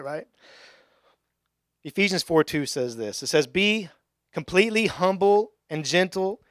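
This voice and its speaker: A young adult male pastor giving a conversational sermon in a church, with joking asides and bursts of excitement. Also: a little high, moderate pace, no room sound, clean studio sound. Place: church sanctuary.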